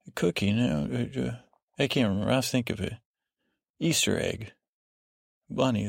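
Brief: a male sleep-podcast host, low and very gravelly, rambling through a recap, dry close sound. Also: no echo. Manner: meandering, tangential.

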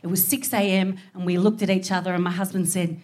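A woman with an Australian accent telling a comic story on stage, animated and swearing freely as she acts out voices. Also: on the low side, quick pace. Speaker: comedian. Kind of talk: live stand-up storytelling.

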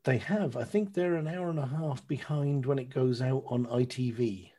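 A middle-aged man chatting as a podcast guest, telling lively anecdotes and swearing freely. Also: medium pitch, normal speed. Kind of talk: casual chat.

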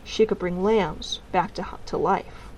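A woman's voice: medium pitch, lively intonation, moderate pace, a little hiss or hum, natural voice, low-quality recording. A woman voicing a stubborn, earnest young farm girl who argues her point insistently. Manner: insistent, argumentative.

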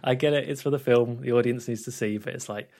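A man's voice: mid-range voice, steady tone, quick pace, darkish tone. A man co-hosting a podcast, talking about a film in a laid-back, hesitant way with frequent restarts and laughs. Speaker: podcast co-host. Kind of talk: casual film review chat.

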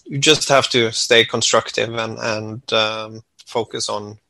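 A Norwegian man, a musician speaking English as a second language, answering thoughtfully and with many pauses and fillers. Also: lowish voice, steady tone, creaky, bright, forceful tone, dry recording. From Norway. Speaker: musician guest. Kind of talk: interview answers.

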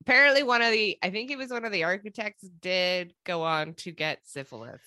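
A woman's voice: mid-range voice, fairly quick, dry recording, studio quality. A woman co-hosting a podcast in casual chat, telling history stories with lots of laughter. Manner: laughing, animated storytelling. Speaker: podcast co-host.

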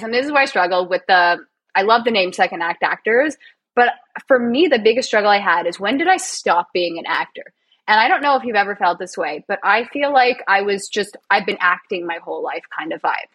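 A Canadian woman who works as a physiotherapist and actor chats as a guest on an interview podcast. Her medium-pitched voice is fairly bright and husky, and she's bubbly and self-deprecating, laughing often.

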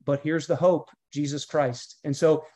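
A pastor and guest author speaks in a podcast interview, using an earnest teaching tone and an emphatic, preacher-like manner that builds through lists and repeated phrases. His voice is a little high and mellow, with a flat delivery at a slightly slow pace.

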